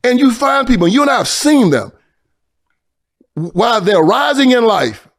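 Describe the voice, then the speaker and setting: A man from Tennessee, talking in a preaching style, moving from loud emphasis to hushed storytelling. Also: very high voice, very animated, normal speed. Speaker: guest.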